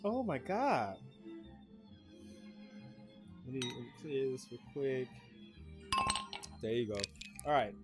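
A woman hosting a streamed trivia night, with loud, joking, slangy banter and quick put-on voices. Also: rumbling low, big pitch swings, loud music behind the voice. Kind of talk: casual streamed game commentary.

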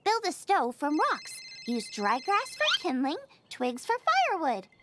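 Game role: peppy young chef, very high, lively, eager, game music behind. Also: female voice, measured pace, very noisy. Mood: instructive. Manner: eager, bubbly, rambles about recipes. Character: cheerful young woman chef, food-obsessed. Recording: game audio with background music.

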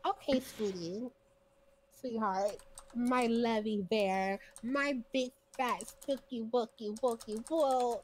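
A woman's voice: a little high, moderate pace, a little hiss or hum, lightly acted, poor audio. A woman voicing a sassy, blunt daughter with attitude in a game role-play, sarcastic and slangy. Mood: mocking.

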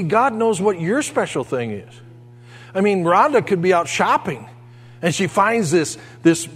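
Older pastor with a high, folksy voice. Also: male voice, in a large hall. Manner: folksy storytelling, animated asides. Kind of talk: sermon. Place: church sanctuary.

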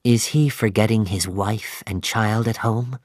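A man voicing an earnest, quiet first mate on a whaling ship in an audiobook. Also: lowish voice, a little slow, dry recording, studio quality. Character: worried male first mate, steady.

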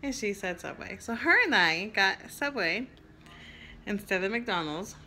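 Speaking a little slowly in an animated, medium-pitched voice that sounds pushed and bright, a vlogger in her thirties talks casually to a handheld camera at arm's length. She's frequently in her car, venting with a tired edge before brightening up.

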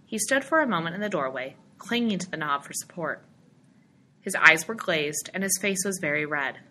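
A woman narrates a story in a steady, expressive audiobook reading. Her voice is bright and sits on the low side. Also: normal speed.

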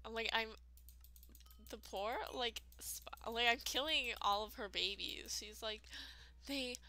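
A woman's voice: on the high side, unhurried, pushed and bright. A woman giving casual, rambling let's-play commentary, full of fillers and self-deprecating asides. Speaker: gaming video creator.

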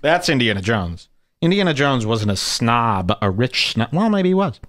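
Sarcastic man with a lively voice. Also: medium pitch, moderate pace. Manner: sarcastic, mocking. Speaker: podcast host. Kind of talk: casual commentary.

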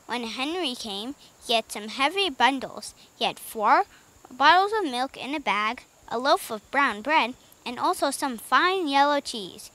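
A woman reading a children's book aloud in an expressive, lively way, with small slips now and then. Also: high-pitched, unhurried. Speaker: audiobook reader.

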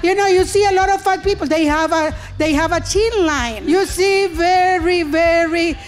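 A woman stand-up comedian, telling stories with animated acted-out voices. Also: extremely high pitch, normal speed, soft background music. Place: comedy stage.

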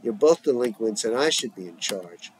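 Cheeky teen son, man reading, a bit higher and louder. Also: lively intonation, normal speed, a little hiss or hum, lightly acted, rough recording. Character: cheeky teenage boy, wisecracking son. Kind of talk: reading a script aloud.

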